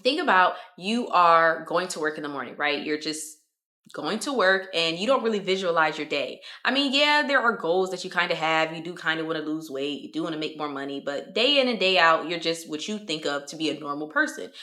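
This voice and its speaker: A young woman vlogger giving a motivational talk to camera, animated, often acting out quoted voices. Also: deep voice, brisk. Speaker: lifestyle vlogger.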